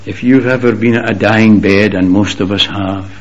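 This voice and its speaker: A man preaching a sermon to a congregation, impassioned, rising to ringing exclamations and dropping to hushed whispers. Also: fairly low pitch, steady tone, moderate pace, dull audio.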